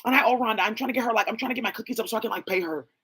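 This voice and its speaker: A woman's voice: fairly high pitch, very fast, fairly bright tone, husky. A woman talking in a rambling, profane monologue, leaping from name to name and claim to claim. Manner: rambling, profane, jumping between names and claims.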